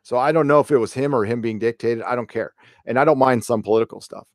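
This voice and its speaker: A man's voice: medium pitch, fast talker, darkish tone, no echo, clean studio sound. A middle-aged man hosting a casual live show, talking in a rambling, blunt way and swearing freely. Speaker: host.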